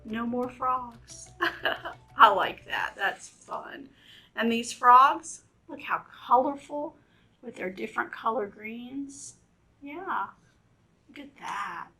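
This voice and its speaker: A woman reads a picture book aloud to young children, her fairly high, bright voice swooping widely with gasps and exclamations. She takes her time over each page. She sits some way back from the mic in an echoing room. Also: slow, far from the mic, soft background music. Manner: animated, gasping, exclaiming to young listeners. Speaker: children's storytime reader.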